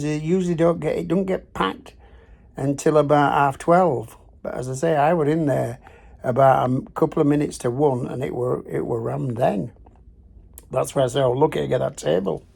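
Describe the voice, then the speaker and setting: An older man with a broad Northern English accent talks casually to his vlog audience from a cruise ship cabin. His voice is mellow and gravelly, with a slightly husky edge. He wanders from point to point, full of "uh"s and fresh starts. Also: medium pitch. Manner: chatty and rambling, with frequent fillers and restarts. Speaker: travel vlogger.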